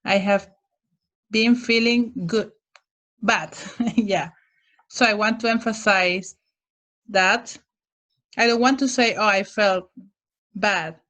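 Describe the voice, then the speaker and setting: A woman teaching English grammar in a recorded lesson, explaining slowly and carefully with frequent restarts. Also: mid-range voice, fairly bright tone.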